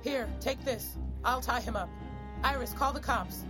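Brief: actress as a fearless take-charge reporter, firm and brisk, slightly high voice, music bed. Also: female voice, lightly acted. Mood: commanding. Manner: brisk and commanding. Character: bold, bossy female star reporter. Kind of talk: audio drama acting.

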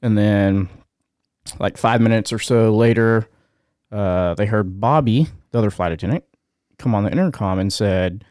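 A man co-hosting a podcast, reading out a news story in a casual, halting way, often pausing with fillers and getting choked up. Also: on the low side, a little mellow, smooth, no echo, clean studio sound. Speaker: podcast co-host.

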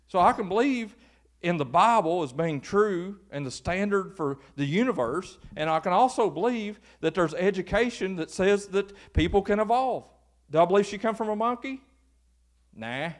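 Male pastor, conversational sermon, slightly high pitch. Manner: folksy, conversational, rises to animated exhortation. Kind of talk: informal sermon.

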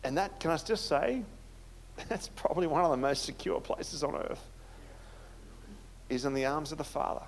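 A man preaching a conversational sermon in a chatty, self-deprecating way, often dropping to a soft, hushed tone. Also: a little high, moderate pace, pauses often, slight background noise. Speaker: pastor.

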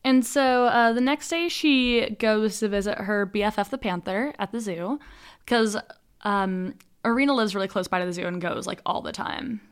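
A woman co-hosting a podcast, casually recapping a film with quick, joking asides. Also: medium pitch, smooth. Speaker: podcast co-host.

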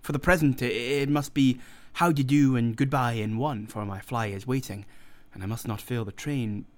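Wealthy old doctor, smooth but rattled, stammers and placates, voiced by a male reader. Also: medium pitch, moderate pace, natural voice. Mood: flustered.

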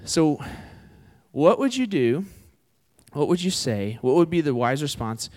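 A man's voice: on the high side, very animated, measured pace, darkish tone. A man in his twenties giving a conversational sermon, often putting questions to his listeners. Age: 20s. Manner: conversational, asks the audience questions. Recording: hall with long reverb.

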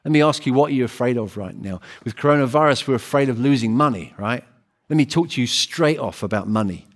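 A man's voice: mid-range voice, lively intonation, quick pace. A man preaching a sermon in an earnest, emphatic way, often repeating phrases and restarting words.

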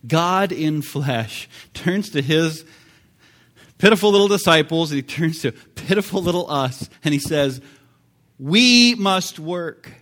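Man, pastor, sermon, conversational preaching, emphatic bursts, slightly raised pitch. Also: unhurried, a bit bright.

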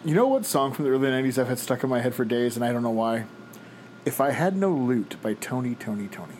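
A man's voice: medium pitch, lively intonation, fast, darkish tone, a little hiss or hum. A man co-hosting a casual podcast, chatty and riffing with crude asides. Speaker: podcast co-host. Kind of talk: casual chat.

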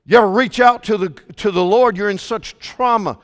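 A man preaching a sermon, swinging from fervent, raised delivery to quiet asides while reading scripture. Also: high-pitched, normal speed, hardly any pauses, long reverb tail. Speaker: pastor.

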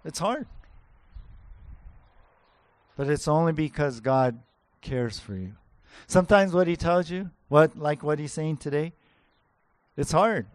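A man's voice: on the high side, no room sound. A man preaching a sermon in an earnest, emphatic way, repeating key words for stress. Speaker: pastor.

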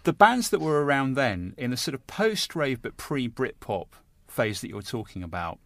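A man leading a casual podcast discussion, his pitch leaping up and down as he gets carried away. He keeps wandering off on enthusiastic tangents, and the sound is dry and close with no room around it. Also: moderate pace, no echo. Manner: animated, enthusiastic, digressive.

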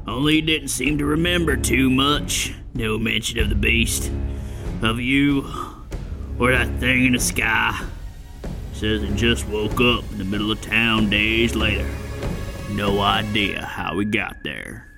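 A man's voice: on the low side, measured pace, gravelly, music in the background. A man voicing a weary, plain-spoken frontier man in a tabletop role-play, with a folksy drawl. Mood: grave.

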